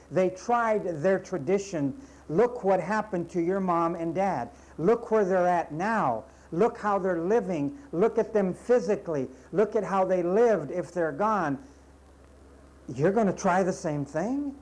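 High-voiced scolding male preacher. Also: darkish tone, poor audio. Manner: scolding, emphatic, repetitive preaching; sarcastic asides and mocking impressions. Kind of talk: sermon.

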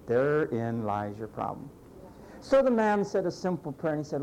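A man preaching a sermon in a conversational, animated way, acting out the voices of the people he quotes. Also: a little high, normal speed, rough recording. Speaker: pastor.

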